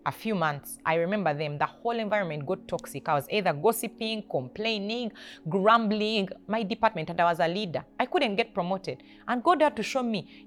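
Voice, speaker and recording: A woman's voice: medium pitch, animated, fairly quick. Woman giving emphatic faith pep talk. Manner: exhorting with short emphatic commands. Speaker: faith podcast host.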